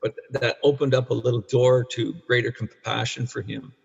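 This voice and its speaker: A Canadian addiction counselor for men, in his sixties, speaks as a guest in a mid-range voice with little pitch movement, normal speed, creaky texture and a breathy edge. His candid telling of a hard personal story rambles and restarts, blunt and sometimes profane. The recording is a dull, echoey room.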